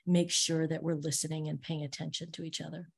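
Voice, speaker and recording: Animated woman telling stories, laughing. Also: sits low, a little fast, vocal fry, slightly rough. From Northern California. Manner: animated storyteller, laughs often, lively quoted voices. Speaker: interview guest, theater teaching artist. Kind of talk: casual interview over video call. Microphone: video call.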